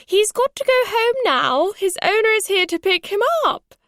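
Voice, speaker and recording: A woman voicing a gracious, cheerful older grandmother welcoming a visitor in an audiobook, speaking slowly and warmly. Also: extremely high pitch, lively intonation, no room sound, clean studio sound, voice pushed up, exaggerated voice. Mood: coaxing.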